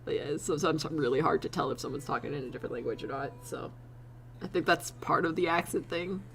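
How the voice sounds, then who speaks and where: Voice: medium pitch, fast talker, creaky, a bit bright, a little hiss or hum. A streamer chatting casually to their chat, rambling with frequent laughs and casual swearing.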